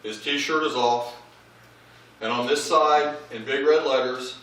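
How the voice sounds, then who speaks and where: A man with a medium-pitched voice speaks slowly, delivering a humorous eulogy for his father as one of the deceased's children. He shares animated comic family anecdotes, acting out the lines people said. Recorded in a large memorial service hall, the sound is echoey and his voice sits far from the mic.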